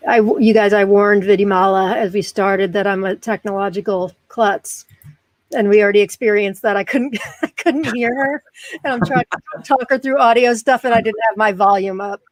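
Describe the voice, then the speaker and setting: A woman's voice: mid-range voice, fairly even intonation, normal speed, dry recording. An American woman hosting a live interview, bubbly and self-deprecating, laughing often and using many fillers. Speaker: host. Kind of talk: live-stream interview chat.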